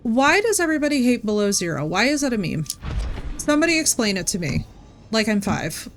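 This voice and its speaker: A woman's voice: on the high side, very animated, fairly quick, slight background noise. A woman from New Jersey chatting with her viewers by name during a live gaming stream. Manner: chatty, talks to chat by name.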